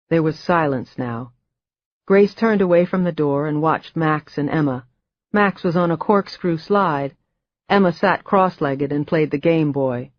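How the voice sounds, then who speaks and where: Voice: mid-range voice, unhurried, no echo, dull audio. A narrator reading a thriller audiobook with dry, wry storytelling. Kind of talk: scripted narration.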